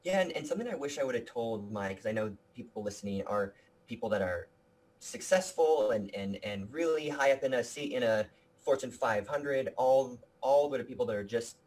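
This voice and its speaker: A man's voice: medium pitch, expressive, fairly quick, a little mellow. A man being interviewed about his video production company, talking with energy and earnestness, often restarting his sentences. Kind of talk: casual interview talk.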